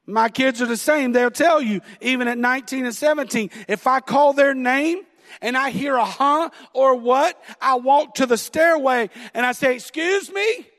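The speaker is a middle-aged pastor with a Southern American accent, delivering a sermon that includes a story about himself told with self-deprecating laughter. His very high voice has a fairly bright tone and a moderate pace. Recorded in a church sanctuary, it has a long hall reverb.

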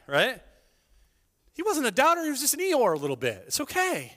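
A man preaching a sermon as a pastor, telling stories in a chatty, animated way with quick asides. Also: high-pitched, big-room sound.

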